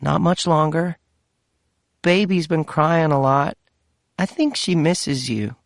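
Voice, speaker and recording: A man's voice: slow, gravelly, no echo, studio quality. A man reading an audiobook, voicing a small, sweet girl with a Virginia accent who misses her father. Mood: wistful. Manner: soft, high and childlike.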